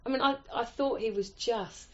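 A woman's voice: a little high, normal speed, darkish tone. A woman chatting casually as co-host, chatty and eager to agree. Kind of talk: casual chat. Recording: muffled lo-fi recording.

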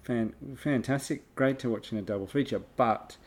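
Man, podcast co-host, mid-pitched, chatty, stammers a bit. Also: moderate pace. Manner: chatty, stammers, acts out quotes. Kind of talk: casual chat.

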